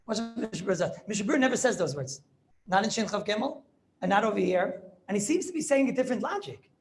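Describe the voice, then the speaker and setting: A rabbi teaching a Talmudic halacha class, arguing through points with rhetorical questions and yeshiva-style English full of Hebrew terms. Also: male voice, high voice, animated, fast, faint music behind.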